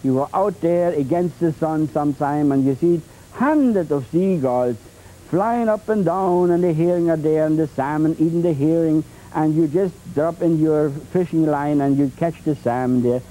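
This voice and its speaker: A man demonstrating oil painting on a 1980s TV show, talking in a halting, repetitive way with many fillers and playful folksy phrases. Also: a little high, dark tone, low-quality recording. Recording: 1980s TV tape transfer.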